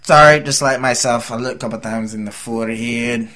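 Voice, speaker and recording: A man's voice: medium pitch, a little fast, very noisy. A tired young man from the United States rambling through a casual, jokey vlog update as a gaming YouTuber.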